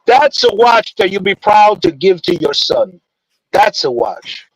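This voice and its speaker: A man's voice: high-pitched, big pitch swings, unhurried, rough recording. A man bantering and joking on a video call stream, repeating himself for effect. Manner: joking, repetitive, playful.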